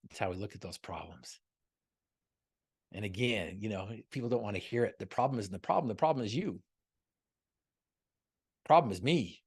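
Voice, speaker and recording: A man's voice: on the low side, animated, moderate pace, pauses often, husky. A man giving a motivational talk over a video call, telling a story and firing off repeated rhetorical questions. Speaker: motivational speaker guest.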